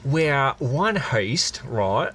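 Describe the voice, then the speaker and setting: A young man co-hosting a podcast, teasing his partner with drawn-out comic interjections. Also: medium pitch, sing-song, fairly bright tone, slight background noise. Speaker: podcast co-host. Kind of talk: casual comedic banter.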